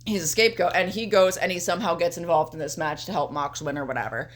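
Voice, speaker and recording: A woman's voice: fairly low pitch, fast. A young woman co-hosting a casual podcast, talking at length in a loose, offhand way and swearing freely. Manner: casual, swears often, talks through her picks at length. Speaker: podcast co-host. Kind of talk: casual chat.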